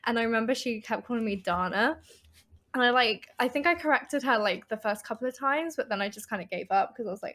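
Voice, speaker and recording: A woman's voice: on the high side, a little fast, fairly bright tone. A woman co-hosting a podcast, chatting casually and telling anecdotes with frequent fillers and laughter. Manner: chatty storyteller, laughs often, many fillers. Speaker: podcast co-host. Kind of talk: casual chat.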